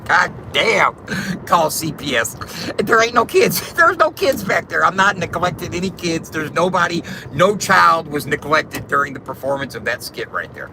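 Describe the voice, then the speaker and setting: A man's voice: fairly high pitch, expressive, moderate pace, creaky. A man chatting while driving, cursing a lot and laughing at his own joke. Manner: profane, laughing, self-amused. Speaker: vlogger. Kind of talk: casual chat while driving. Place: inside a car. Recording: car engine noise.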